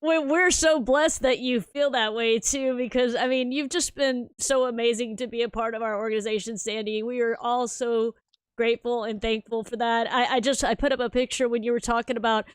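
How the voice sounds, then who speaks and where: A woman's voice: fairly high pitch, steady tone, a little fast, smooth, dry recording. A woman hosting an interview, effusive and encouraging toward her guest. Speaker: host and founder.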